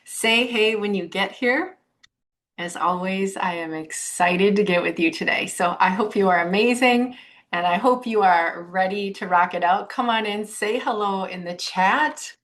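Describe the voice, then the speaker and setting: Woman, live-stream spiritual coach, bubbly and excitable, mid-range voice, phone mic outdoors. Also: mid-range voice. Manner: bubbly and excitable, greets viewers by name. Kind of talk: casual live-stream talk. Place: outdoors on a walk.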